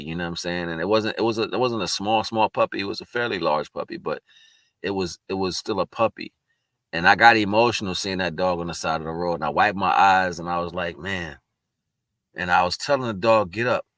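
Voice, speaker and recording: Deep-voiced man musing earnestly. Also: fairly bright tone, no room sound. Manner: rambling, earnest, spiritual, with frequent restarts. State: tearful at moments. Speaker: vlogger sharing personal reflections. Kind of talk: casual spoken monologue.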